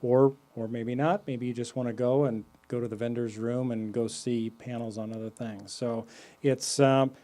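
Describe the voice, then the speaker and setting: A man's voice: medium pitch, steady tone, moderate pace, mellow. Easygoing male podcast co-host. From Midwestern United States. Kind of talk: casual chat.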